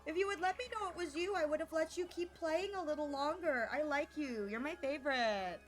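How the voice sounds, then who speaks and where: A woman streamer giving excited live gameplay commentary, gushing and gasping at the screen. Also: high voice, faint music behind. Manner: giddy, gushing, fast reactions and gasps.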